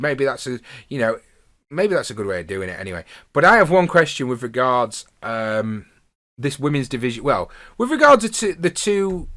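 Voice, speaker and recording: A podcast host with a mid-range, fairly bright male voice rambles casually through a wrestling review. He laughs as he retells the funny bits.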